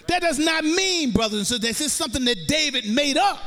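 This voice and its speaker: A man preaching a sermon to a congregation, half-singing his phrases and rising into shouts, drawing call-and-response. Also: very high voice, expressive, fast talker. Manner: chanting, sing-song delivery rising into shouts. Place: church sanctuary. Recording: long reverb of a large hall.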